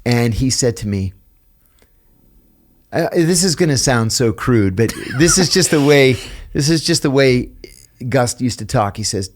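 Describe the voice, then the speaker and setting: Middle-aged American man, podcast guest, lively storyteller who acts out quotes; mid-pitched, casual interview. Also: measured pace. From United States. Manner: animated storyteller, acts out quoted voices, laughs at own stories.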